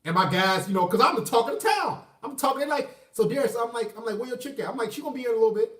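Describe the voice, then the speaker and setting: A man tells a story casually, cursing freely and jumping from loud outbursts to low mutters. His pitch swoops widely. He sits away from the mic in a room with a roomy echo. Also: very fast, recorded from a distance. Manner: animated and profane, swinging between loud outbursts and low mutters. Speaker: vlogger telling a personal story.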